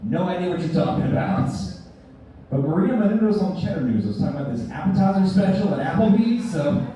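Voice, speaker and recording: A man's voice: mid-range voice, dark tone. Dry-talking comedy guy doing stand-up at a bar, dull muffled sound, faint hum behind. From North Carolina. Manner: dry, conversational joke delivery. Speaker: stand-up comic. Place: bar stage with audience. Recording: distant, echoey bar room recording.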